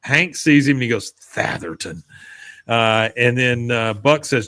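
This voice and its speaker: A man's voice: medium pitch, pushed and bright. A man co-hosting a podcast, casually retelling a cartoon episode scene by scene. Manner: retells scenes, putting on quick voices for quoted characters. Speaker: podcast co-host recapping episodes.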